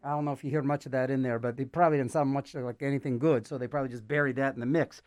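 A man's voice: medium pitch, fairly even intonation, very fast, a little mellow. A man hosting a radio show, chatting casually between records and reading public service announcements with rambling, jokey asides and lots of fillers.

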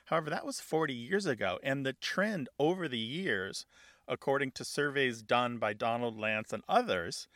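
A man's voice: mid-range voice, expressive, normal speed, fairly bright tone, no room sound, studio quality. A man from Missouri hosting a radio call-in show, patiently explaining things to a caller in detail. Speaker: radio language show host.

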